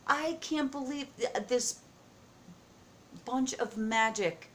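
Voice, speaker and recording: A woman vlogging at home as she opens happy mail, excited, gasping and halting with many fillers. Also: sits high, slight background noise. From United States. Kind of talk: casual vlog chat. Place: home, indoors.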